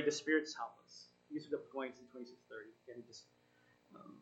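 A man giving an informal sermon, reading scripture and encouraging his listeners in an earnest, halting way with frequent self-corrections. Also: mid-range voice, sharp tone, dull audio. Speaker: Bible study teacher.

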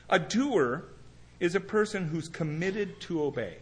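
A man's voice: high voice, animated, measured pace. A man preaching an earnest, conversational sermon, mixing scripture reading with everyday stories. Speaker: pastor.

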